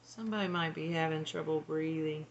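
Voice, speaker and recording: A woman's voice: deep voice, fairly quick, dull audio, a little hiss or hum. A woman working as a psychic medium, relaying channeled messages in a hesitant, tentative way. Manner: hesitant, tentative, laughs between.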